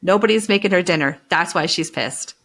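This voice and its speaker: Brief: middle-aged woman, lower pitch, animated swearing storyteller, podcast co-host. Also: fairly quick. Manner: animated storyteller, swears freely, acts out family quotes. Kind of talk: casual chat.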